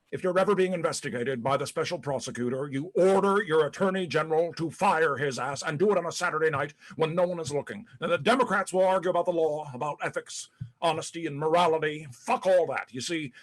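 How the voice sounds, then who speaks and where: An actor playing a disgraced, paranoid older male ex-president in a dramatic monologue, profane and rambling, stammering over repeated words. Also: on the high side. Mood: scheming, crude.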